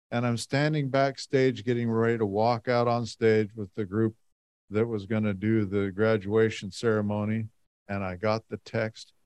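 A man's voice: mid-range voice, darkish tone, no room sound. Folksy man telling a rambling story. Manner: folksy, rambling anecdotes with many "and, uh" fillers. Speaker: lay speaker giving a talk. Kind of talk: storytelling talk to a congregation.

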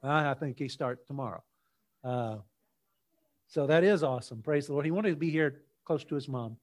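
A male pastor preaching a sermon in church, opening with a folksy, unhurried joke story before his teaching. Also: medium pitch, darkish tone.

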